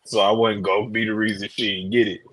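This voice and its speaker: A man's voice: fairly low pitch, fast, breathy edge, poor audio. A man joking through casual podcast banter over a remote call. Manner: joking, lively delivery. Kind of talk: casual chat. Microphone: remote call mic.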